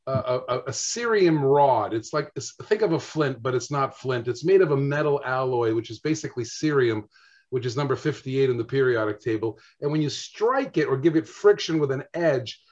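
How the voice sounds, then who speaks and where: A man telling a story as a guest and explaining his invention, with excited, stammering restarts. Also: mid-range voice, moderate pace, dull audio. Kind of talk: casual storytelling.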